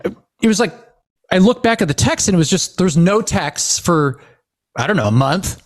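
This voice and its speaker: A man's voice: high-pitched, normal speed. A man from Washington State hosting a podcast in casual chat, telling stories with acted-out dialogue and lots of fillers. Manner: animated storyteller, acts out quoted dialogue, many fillers. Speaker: podcast host.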